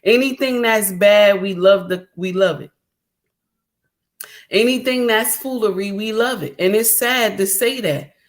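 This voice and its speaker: A woman's voice: mid-range voice, unhurried. A middle-aged woman hosting a livestream, talking straight to her viewers in an emphatic, repetitive, preachy way. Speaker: livestream host.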